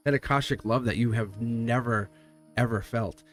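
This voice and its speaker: A man doing a live tarot reading, talking in an excitable, rambling way and laughing often between thoughts. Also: medium pitch, moderate pace, faint music behind. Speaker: tarot reader.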